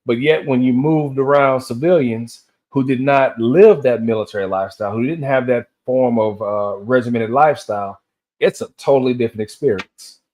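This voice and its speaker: Speaking at a moderate pace in a slightly mellow, mid-range voice, a vlogger in his fifties from Tennessee rants on his own. His stories are loose and keep drifting from one tangent to the next.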